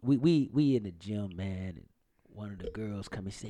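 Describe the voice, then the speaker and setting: Animated man telling sports stories. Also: fairly low pitch, normal speed. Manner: animated storyteller, acts out quoted voices, laughs often. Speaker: sports talk co-host. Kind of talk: casual sports talk with storytelling.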